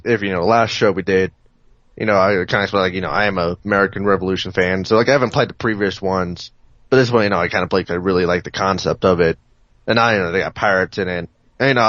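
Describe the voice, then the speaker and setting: Male co-host, low voice, halting and filler-heavy, dry dull lo-fi recording. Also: fairly bright tone, dry recording. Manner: hesitant, full of fillers like "you know". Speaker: podcast co-host. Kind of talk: casual chat.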